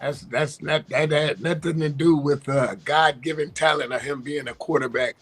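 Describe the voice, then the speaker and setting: A man's voice: on the high side, steady tone, fairly bright tone, slightly rough, faint music behind. A man co-hosting a sports talk show, arguing his points and thinking aloud as he goes. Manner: argumentative, pauses to think aloud. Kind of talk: casual sports chat.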